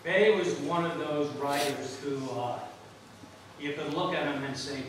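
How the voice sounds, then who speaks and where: A man recalls a fellow rider at a memorial service, his slightly high voice halting and looping back on itself as he laughs through old stories. He sounds distant from the mic. A booming echo and steady background noise fill the room. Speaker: eulogist, former jockey. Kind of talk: anecdotal memorial speech. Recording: echoey hall, mic from far off, noisy.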